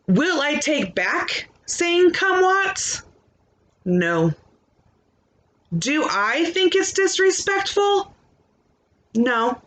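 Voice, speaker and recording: A woman's voice: on the high side, fairly bright tone. A young adult woman podcast host ranting into her microphone, blunt, defiant and full of swearing. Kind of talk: ranting monologue.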